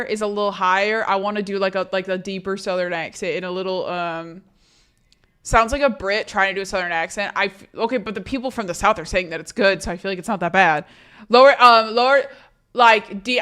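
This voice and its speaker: A woman's voice: medium pitch, fairly bright tone, smooth. A woman streamer talking casually with her chat, rambling and joking, with frequent swearing. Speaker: live streamer.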